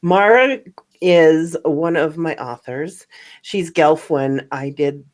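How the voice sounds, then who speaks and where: A woman's voice: sits low, takes it slowly. A woman who narrates stories, chatting casually as host of a stream, rambling and laughing often. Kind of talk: casual chat.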